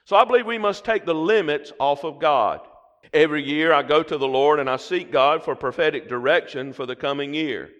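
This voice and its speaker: A man's voice: a little high, brisk, fairly bright tone, highs cut off. A middle-aged man with a Southern American accent, preaching a sermon and leading the congregation in call-and-response. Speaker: pastor. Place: church sanctuary. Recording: long hall reverb.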